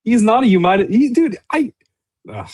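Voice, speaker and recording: A man co-hosting a casual football livestream, exasperated and ranting in a lively way. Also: sits high, normal speed. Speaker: co-host.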